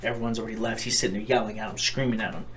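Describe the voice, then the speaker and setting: A man's voice: fairly low pitch, steady tone, rapid-fire, a bit bright. A young man co-hosting a podcast, talking in a rambling, profane, earnest way in casual chat. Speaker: podcast co-host.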